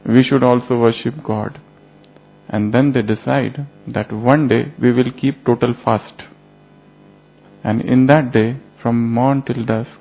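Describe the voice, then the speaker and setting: A man giving a sermon, telling a moral fable slowly in short phrases. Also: mid-range voice, vocal fry. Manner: slow storytelling in short phrases. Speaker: spiritual teacher. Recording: tinny phone-like line, faint music.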